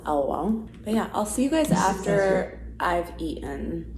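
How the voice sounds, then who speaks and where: A woman's voice: fairly low pitch, expressive, a little slow, gravelly, darkish tone, poor audio. A woman chatting casually in a daily vlog, talking to viewers with plenty of "like" fillers. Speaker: vlogger. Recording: noticeable background noise.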